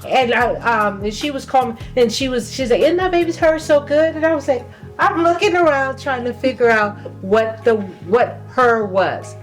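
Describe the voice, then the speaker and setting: A woman who grew up in California, a podcast guest telling a personal story in a lively, laughing way. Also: fairly high pitch, normal speed, faint music behind. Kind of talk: casual storytelling.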